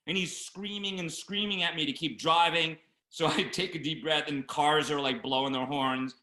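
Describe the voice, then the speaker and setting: Animated male storyteller in an echoey room. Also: fairly high pitch, normal speed. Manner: animated anecdote teller, acts out shouting voices. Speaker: film producer, interview guest. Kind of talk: casual storytelling.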